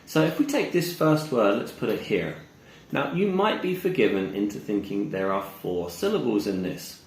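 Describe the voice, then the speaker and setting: A man teaching English pronunciation, slowly modeling words and repeating examples. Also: on the low side, sing-song. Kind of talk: pronunciation lesson. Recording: echoey room with faint ambience.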